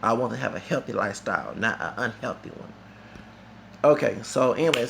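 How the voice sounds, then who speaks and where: A man's voice: medium pitch, expressive, fairly quick, gravelly, a little hiss or hum. A man reviewing a concert in a vlog, talking in a heated, rambling and profane way. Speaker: vlogger.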